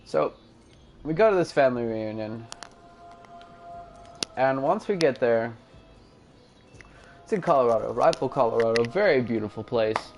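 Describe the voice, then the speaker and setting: A man's voice: mid-range voice, animated, normal speed, pauses often, faint music behind. A young man hosting a gaming channel, telling a loose, rambling story with fillers and mumbled asides. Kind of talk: casual storytelling over gameplay.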